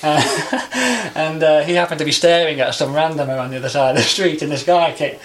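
A man's voice: fairly high pitch, fairly quick. A young man telling stories in casual chat, rambling with lots of fillers.

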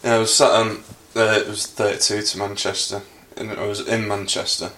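A man's voice: fairly low pitch, little pitch movement, moderate pace, sharp tone. A man telling a story bluntly in casual chat.

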